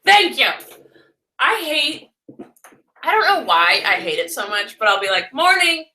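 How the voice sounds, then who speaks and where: A woman's voice: medium pitch, big pitch swings, unhurried, bright, forceful tone, slight background noise. A woman chatting casually on a livestream, rambling and laughing often as she answers comments. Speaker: vlogger live-streaming. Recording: roomy echo.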